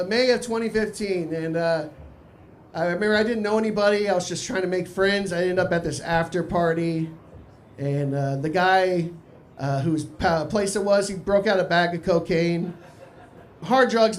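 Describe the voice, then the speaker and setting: A man's voice: high-pitched, slight background noise. Texan man doing dry stand-up. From Texas. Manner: dry, conversational delivery with crude asides. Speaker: stand-up comedian. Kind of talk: live stand-up set. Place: small cafe stage with live audience.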